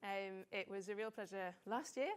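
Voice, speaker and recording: A woman in her forties speaks to a conference audience at a mid-range pitch. Her delivery is chatty and self-deprecating, sprinkled with "um"s as she gathers her thoughts. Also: normal speed, clean tone. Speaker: conference speaker, data visualization consultant. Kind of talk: conference talk.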